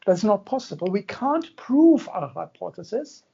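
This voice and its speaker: A man's voice: high-pitched, big pitch swings, unhurried, creaky, mellow, slightly rough, muffled recording. A man giving a university lecture in a conversational, joking way, often checking in with his listeners. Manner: conversational, jokey, checks in with the audience. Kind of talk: classroom lecture.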